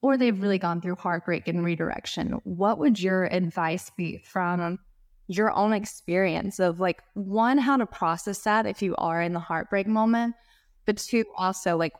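A woman's voice: fairly low pitch, dry recording. Thoughtful woman host, dry close sound. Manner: thoughtful, unhurried questioning. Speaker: podcast host. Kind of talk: interview questions.

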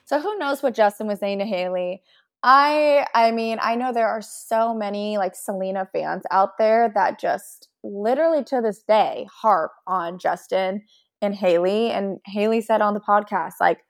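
A woman's voice: medium pitch, unhurried. A young woman co-hosting a podcast, chatting casually and recapping celebrity gossip with quoted asides. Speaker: podcast co-host.

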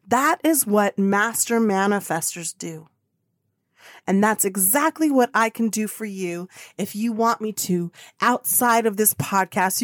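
A woman's voice: a little high, dry recording, studio quality. A woman hosting a spiritual podcast, speaking with fervent emotion and repeating affirmations. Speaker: podcast host.

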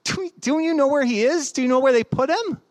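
A man's voice: extremely high pitch, brisk, no room sound, pitched above the performer's own voice. A man voicing a confused, grieving woman at a tomb, pleading and distressed, within a sermon story.

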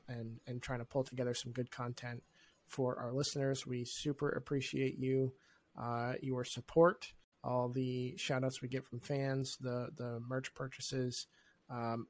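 Upbeat man thanking podcast listeners. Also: mid-range voice. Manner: grateful, upbeat, many fillers and restarts. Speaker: podcast co-host. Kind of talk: casual podcast chat.

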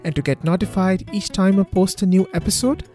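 A man with an Indian accent giving a scripted introduction to his podcast as its host, in a steady, rehearsed delivery. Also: high-pitched, a little fast. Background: faint guitar music.

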